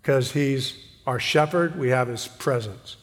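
A man's voice: medium pitch, a little slow. A man preaching a sermon in an earnest way, repeating words as he goes and calling out to the congregation for an amen. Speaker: pastor. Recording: long hall reverb.

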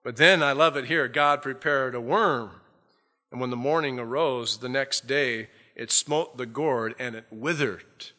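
A male preacher delivers a sermon in a bright, forceful voice. He tells the story with animated energy and breaks into acted-out scenes. A long hall reverb hangs on every phrase. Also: medium pitch, a little slow.

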